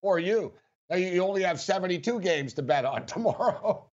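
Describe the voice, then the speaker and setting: Man, sports betting host, rambling casual talk, laughs a lot, slightly high voice, dull lo-fi sound. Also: expressive, a little fast, darkish tone.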